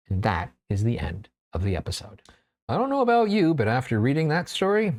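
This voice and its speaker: A man who reads a story aloud expressively, then hosts a relaxed, chatty writing class. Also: mid-range voice. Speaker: writer and class host.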